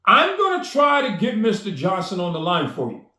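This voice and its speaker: A man's voice: sits high, wildly swooping pitch, moderate pace, bright, forceful tone, reverberant, exaggerated voice. A man voicing an older woman secretary, firm and matter-of-fact, in a story. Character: sweet older female office secretary, firm.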